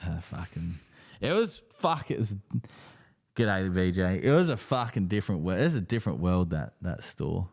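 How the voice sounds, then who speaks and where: A man's voice: deep voice, sing-song, normal speed, darkish tone. A young Australian man co-hosting a live podcast, telling rambling stories and swearing freely. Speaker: podcast co-host. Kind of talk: casual live podcast chat.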